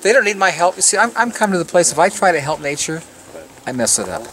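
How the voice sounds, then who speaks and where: A man from the Los Angeles area giving a garden tour, telling stories with lively energy and often repeating words as he starts his sentences. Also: high voice, fast talker. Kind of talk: casual outdoor talk to a tour group. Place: outdoors in a garden with a crowd. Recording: distant outdoor recording with crowd noise.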